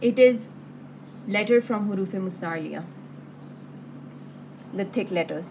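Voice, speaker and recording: A woman teacher talks through a lesson at an unhurried, deliberate pace, explaining sounds and then sounding each syllable out aloud. Her voice sits at an ordinary pitch. The audio is muffled and lo-fi, with a faint hiss underneath. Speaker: Quran recitation teacher. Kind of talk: slow step-by-step lesson with recited syllables.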